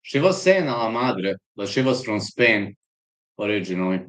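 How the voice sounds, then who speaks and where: A man's voice: lowish voice, very animated, moderate pace, fairly bright tone, low-quality recording. Rambling Serbian-accented man on a live stream. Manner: rambling, storytelling, reading chat aloud. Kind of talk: casual live-stream chat.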